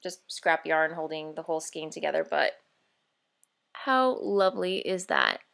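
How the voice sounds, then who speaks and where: A woman hosts a knitting video podcast, a casual show-and-tell vlog where she gets bubbly and easily excited, rambling along with fillers and self-corrections. Her voice sits low, gravelly and unhurried.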